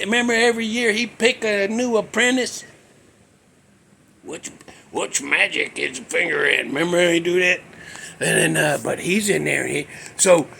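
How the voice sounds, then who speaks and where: A man hosting his own show, chatting casually and in a rambling way about an old movie, breaking into sudden excited whoops. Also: high voice, creaky, slight background noise. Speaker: host.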